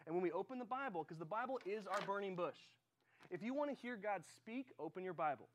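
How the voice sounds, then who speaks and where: A man's voice: high-pitched, expressive, quick pace. Casual man preaching to a youth group. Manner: casual, conversational, many fillers. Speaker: high school director. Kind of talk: youth sermon.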